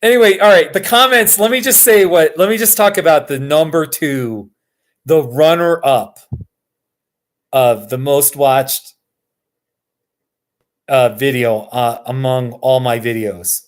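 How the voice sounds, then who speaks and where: An American man from Colorado chatting casually with his viewers on a live stream, excitable and chuckling often. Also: mid-range voice. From Colorado, USA. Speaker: YouTuber hosting a live stream.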